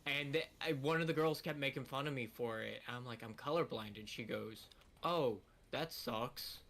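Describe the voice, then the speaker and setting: A man's voice: mid-range voice, flat delivery, a little fast, gravelly, fairly bright tone, low-quality recording. A young man chatting casually while gaming, telling stories with wry, joking complaints. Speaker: co-player, friend of host. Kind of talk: casual chat while playing. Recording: audible background noise.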